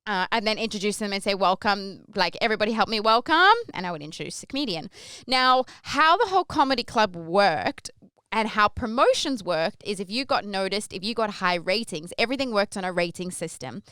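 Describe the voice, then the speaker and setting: Australian woman telling stories, crisp dry voice. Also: medium pitch, a little fast, dry recording. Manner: chatty, rambling, lively when acting out her stage intros. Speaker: podcast host. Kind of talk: casual storytelling.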